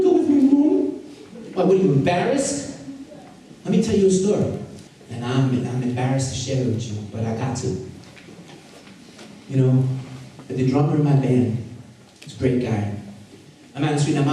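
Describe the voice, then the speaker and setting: A man who is a Catholic priest, giving a slangy, animated street-style talk full of stories. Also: medium pitch. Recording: echoey hall, mic far off, noisy.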